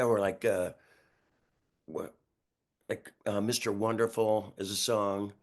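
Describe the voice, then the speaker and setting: A man in his sixties from New York, a guest musician telling road stories in a lively, rambling way with frequent chuckles and restarted sentences. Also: lowish voice, slow pace, long pauses, a little hiss or hum. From New York, USA. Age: 60s. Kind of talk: casual storytelling interview.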